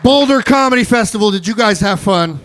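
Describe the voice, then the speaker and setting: Very high-voiced male emcee. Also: animated, fairly quick, a little hiss or hum. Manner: loud, hypes the crowd. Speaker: comedy show host. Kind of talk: emcee wrap-up. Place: comedy stage before a live audience. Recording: live stage mic with crowd and music.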